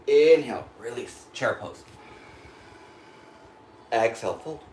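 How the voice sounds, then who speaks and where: A man's voice: medium pitch, takes it slowly, slight background noise. Breathless male yoga teacher in an echoey studio. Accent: American. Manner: calm cueing of breath and poses, breathy while moving through the flow. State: short of breath. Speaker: yoga instructor. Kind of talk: guided yoga class cues.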